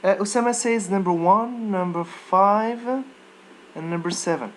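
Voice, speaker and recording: A man's voice: high voice, measured pace, a little hiss or hum, low-quality recording. A man teaching a live online English lesson, checking students' answers by name and modeling pronunciation.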